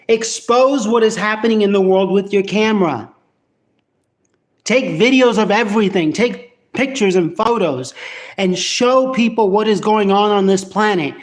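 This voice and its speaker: A man ranting casually to camera in a vlog at home, profane and rambling with many restarts. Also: high voice. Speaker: vlogger.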